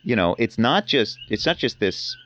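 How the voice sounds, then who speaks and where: A man's voice: mid-range voice, very animated, moderate pace, fairly bright tone, dull audio. A man talking as a podcast guest in casual conversation, telling rambling, enthusiastic stories.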